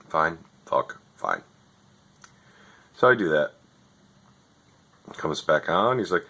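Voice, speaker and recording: A man telling a rant about customer service, exasperated and profane, swinging between loud outbursts and muttering. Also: rumbling low, sing-song, slow, pauses often. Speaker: vlogger. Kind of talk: ranting storytelling.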